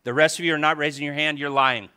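A male pastor preaching a sermon, telling a story with animated swings between soft asides and loud exclamations. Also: fairly high pitch, quick pace, clean tone.

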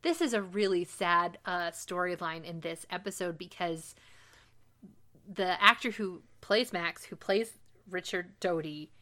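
A woman with a rather low, bright and forceful voice, talking casually as a podcast co-host. She retells a story at a quick, animated clip, full of enthusiasm. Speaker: podcast co-host recapping a TV episode. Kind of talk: casual chat.

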